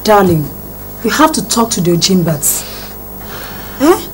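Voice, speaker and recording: Middle-aged mother, soft comfort turning proud and haughty, faint noise. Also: medium pitch, sing-song, a little slow, low-quality recording. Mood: indignant. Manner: soothing, then proud and huffy. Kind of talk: film drama acting.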